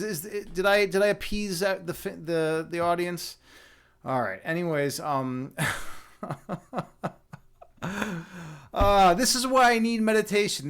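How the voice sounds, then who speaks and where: A man hosting a live stream from his home setup, talking in a rambling, jokey way with many restarts. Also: a little high. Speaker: livestream host, chess instructor and meditation guide. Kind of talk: casual live-stream chat.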